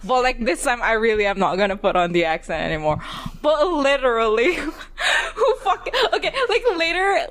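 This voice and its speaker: A woman's voice: fairly high pitch, big pitch swings, moderate pace, few pauses, fairly bright tone. A woman co-hosting a podcast, chatting casually about a TV episode, giggling and rambling as she quotes characters. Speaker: podcast co-host. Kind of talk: casual chat recapping a TV episode.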